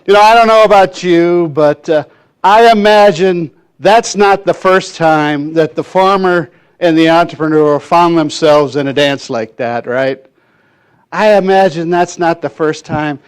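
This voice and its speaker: A man preaching a sermon in a church, telling a folksy story with many fillers and pauses. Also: a little high, clear, resonant tone. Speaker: minister.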